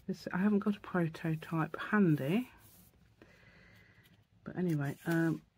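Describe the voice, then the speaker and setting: A woman's voice: sits low, measured pace, darkish tone, breathy edge, no room sound. A woman hosting a casual crafting tutorial, thinking aloud as she works and often correcting herself. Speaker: craft channel host.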